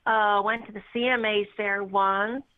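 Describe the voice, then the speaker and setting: A woman's voice: mid-range voice, steady tone, measured pace, clean tone. A woman from Texas with a Texan accent, calling in to a show and chatting in a playful drawl, saying y'all and babe. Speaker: caller. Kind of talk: phone-in chat. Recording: tinny phone line.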